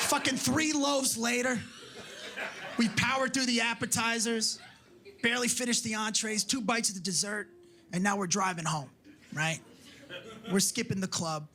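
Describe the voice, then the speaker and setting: A man's voice: very high-pitched, steady tone, moderate pace, crowd noise. Brash, profane stand-up comic man. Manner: brash, profane storytelling with acted-out voices. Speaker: stand-up comedian. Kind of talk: stand-up routine. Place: comedy club stage with laughing audience. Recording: live club recording with audience noise.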